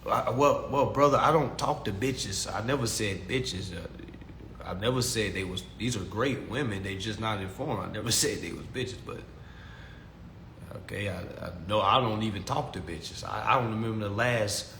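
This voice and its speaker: A man's voice: fairly low pitch, moderate pace, pushed and bright, a little hiss or hum. Slangy, preachy man in an echoey room. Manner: preachy, emphatic, repeats himself, slangy. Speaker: livestream host answering chat. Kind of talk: casual livestream monologue.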